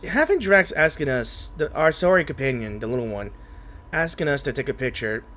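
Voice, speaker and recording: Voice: medium pitch, sing-song, fairly quick, fairly bright tone. A gaming host commenting on a story game in a casual, rambling, unsure way, often trailing off and restarting thoughts, emotional and close to tears. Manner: emotional, says they feel like crying.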